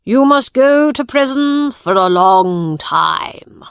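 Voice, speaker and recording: A woman voicing a stern male judge in a storybook reading, firm and slow. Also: fairly high pitch, lively intonation, vocal fry, smooth, no echo, studio quality, pitched above the performer's own voice, heavily acted.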